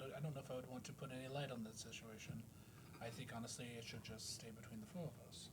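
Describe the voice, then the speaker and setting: A man making his case to his tabletop group, firm and persuasive. His voice sits at a middle pitch. A noisy home microphone leaves a clear hiss behind him. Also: steady tone, fast. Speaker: tabletop game player. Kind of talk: in-character party discussion.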